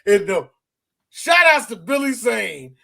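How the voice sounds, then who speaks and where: A man with a high voice for his build, co-hosting a relaxed podcast. He talks in a loud, animated way, swears freely and slips into playful impressions of movie characters. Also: slow pace, vocal fry. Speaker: podcast co-host. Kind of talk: casual chat, acting out movie scenes.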